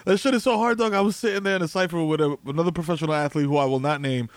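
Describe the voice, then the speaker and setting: A man's voice: a little high, racing, no room sound. A man co-hosting a casual comedic chat, talking in loose, laughing banter. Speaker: podcast co-host.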